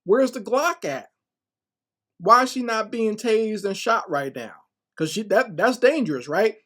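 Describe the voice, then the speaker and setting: A man's voice: high voice, animated, a little slow, a bit bright. A man giving casual reaction commentary on a video, sarcastic and full of rhetorical questions, often repeating words as he goes.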